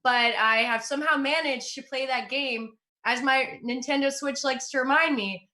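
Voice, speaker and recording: A woman's voice: sits high, moderate pace, bright, forceful tone. A young woman doing a stand-up comedy set from home for an online show, upbeat and self-mocking. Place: at home in front of a green screen. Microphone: computer mic for an online show.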